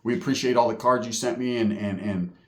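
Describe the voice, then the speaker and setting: A man voicing a calm, menacing male biker inmate in a low, quiet, matter-of-fact tone. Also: a little fast, natural voice. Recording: echoey room.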